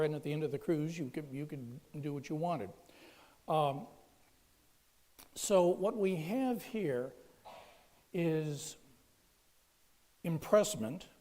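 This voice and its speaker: A man's voice: fairly high pitch, warm tone. A man giving a public history lecture in a storytelling way, with frequent restarts and fillers. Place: lecture hall. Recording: long hall reverb.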